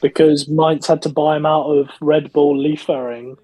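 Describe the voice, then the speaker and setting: A man in a casual chat, calmly sharing football trivia. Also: fairly high pitch, moderate pace.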